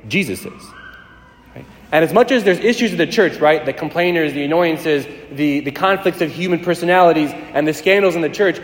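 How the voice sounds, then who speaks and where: A man preaching a sermon as a priest, fast-talking and emphatic, building to intense passages. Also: on the high side. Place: large church hall. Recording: echoey church hall with long reverb.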